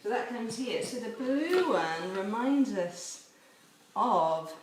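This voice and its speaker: A woman's voice: a little high, expressive, slow. A woman leading a children's chapel assembly from home, explaining games step by step in a cheerful, playful way. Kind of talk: home video children's lesson. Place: home with garden course, indoors and out. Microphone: camera held by a helper some distance off. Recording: echoey, distant camera mic, faint noise.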